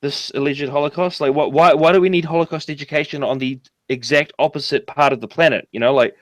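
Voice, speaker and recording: A man's voice: a little high, steady tone, fast, fairly bright tone, dry recording. A man from New Zealand with a New Zealand accent, calling in to a casual chat and talking in a rambling, profane way full of fillers. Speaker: caller.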